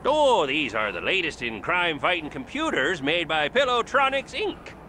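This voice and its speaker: Giggly hick coroner in a game, bright and high, eager and silly. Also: male voice, huge pitch swings, moderate pace, slight background noise, full character voice. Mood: giddy. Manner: giggly, tacks "a who" onto words. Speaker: game character.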